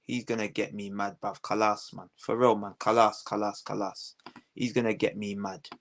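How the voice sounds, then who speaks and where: A man's voice: fairly low pitch, flat delivery, normal speed. Heated man ranting. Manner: heated, repetitive ranting with slang. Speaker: host. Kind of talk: casual commentary.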